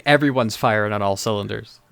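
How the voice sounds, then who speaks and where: Man, podcast co-host, enthusiastic, quick to laugh, acts out quotes, dry close mic. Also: fairly low pitch, creaky, fairly bright tone, smooth, no echo. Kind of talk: casual podcast chat.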